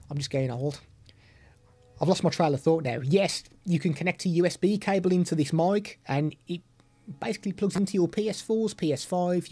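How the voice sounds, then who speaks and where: A man's voice: on the high side, dark tone. A man streaming live while demoing audio gadgets, chatty with self-deprecating asides, into a studio microphone. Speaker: streamer reviewing products.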